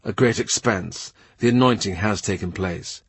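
A man giving a measured, expressive audiobook narration. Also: lowish voice, husky, no echo.

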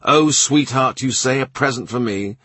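A man's voice: mid-range voice, normal speed, sharp tone, dry recording, voice pushed up. A man voicing a wry, witty middle-aged court official who teases in a dry manner. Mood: wry, teasing. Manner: dry, teasing storyteller.

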